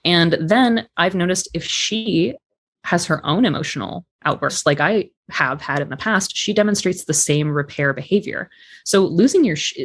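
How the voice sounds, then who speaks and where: A man's voice: fairly high pitch, fairly bright tone. Candid man talking about his life. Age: adult parent. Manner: candid, reflective, swears casually. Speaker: podcast guest. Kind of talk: casual conversation.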